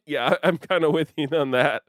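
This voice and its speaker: A playful man chats with viewers during a relaxed gaming stream, laughing readily. Recorded up close in a dry room with no echo, his voice comes across smooth, clear, fairly high-pitched and fairly bright.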